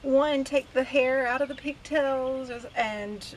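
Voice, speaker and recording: A woman's voice: high voice, takes it slowly, a little hiss or hum, poor audio. A woman in her thirties chatting casually to camera from her back porch, laughing easily and poking fun at herself. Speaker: vlogger. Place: outdoor back porch deck. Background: faint outdoor ambience.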